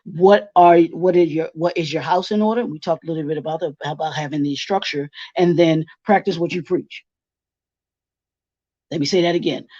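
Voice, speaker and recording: A man's voice: a little high, normal speed, mellow. A man leading a workshop presentation, firing off rhetorical questions and repeating each point twice. The recording is dull and lo-fi, with a dry, close sound and no room echo. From Baltimore.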